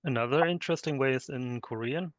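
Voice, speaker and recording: A man's voice: mid-range voice, a little fast, no room sound, muffled recording. A man taking part in an online language class, offering brief, knowledgeable remarks. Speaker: student.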